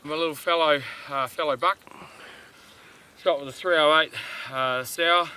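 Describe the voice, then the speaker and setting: A man talking to camera during a mountain hunt, relaxed and chatty, with plenty of ums and uhs, recorded outdoors on a steep slope. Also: a little high, unhurried, a little hiss or hum, low-quality recording. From Australia. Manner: relaxed, chatty, lots of filler words. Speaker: hunter filming a hunt. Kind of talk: casual on-camera hunting vlog.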